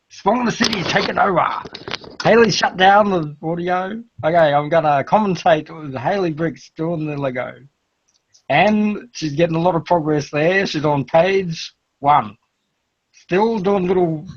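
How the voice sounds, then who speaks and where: A man's voice: a little high, slightly rough, highs cut off. A man with an Australian accent doing rambling, laugh-filled casual commentary on a live stream. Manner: rambling, laughs often, restarts.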